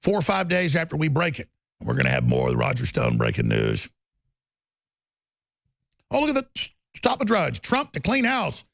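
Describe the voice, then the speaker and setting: Gravelly heated male talk host. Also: fairly high pitch, wildly swooping pitch, fairly bright tone, dry recording. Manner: rapid, heated, repetitive, stammering restarts. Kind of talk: heated political talk show rant.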